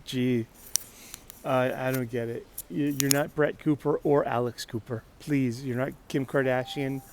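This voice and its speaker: A man's voice: mid-range voice, steady tone, measured pace, a little mellow, a little hiss or hum. A man hosting a casual solo talk show, rambling with frequent restarts and laughter. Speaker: podcast host.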